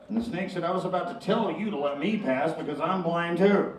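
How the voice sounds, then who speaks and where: A man's voice: on the high side, fairly quick, hardly any pauses, slight background noise. A man doing stand-up comedy while handling a live snake, telling jokes and chuckling at his own punchlines. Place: live show before an audience. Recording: echoey room from far off. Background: audience.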